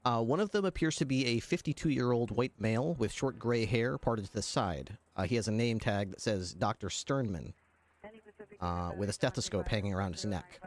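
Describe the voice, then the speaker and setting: A man's voice: fairly low pitch, moderate pace. Hesitant male game master. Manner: hesitant, many "uh" fillers, often laughs. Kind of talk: narrating a tabletop role-play.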